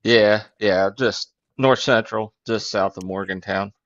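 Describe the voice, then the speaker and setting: A man from West Virginia co-hosting a podcast with dry, low-key jokes. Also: fairly even intonation, unhurried, a bit bright, dry recording, dull audio. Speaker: podcast co-host.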